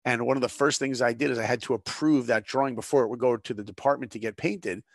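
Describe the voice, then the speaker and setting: This is a middle-aged man sharing stories as a guest in conversation. He has a gravelly, mid-range voice and speaks with earnest, preacher-like conviction, often pausing on rhetorical questions. The sound is close and dry, with no room behind it. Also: medium pitch, fairly even intonation, no echo. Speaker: guest, animation director. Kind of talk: dramatic storytelling in conversation.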